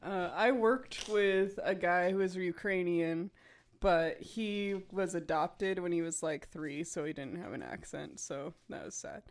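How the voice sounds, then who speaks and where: A man's voice: sits high, a little slow. A man co-hosting a podcast, arguing a point in a meandering, casual way. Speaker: podcast co-host. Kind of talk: casual chat.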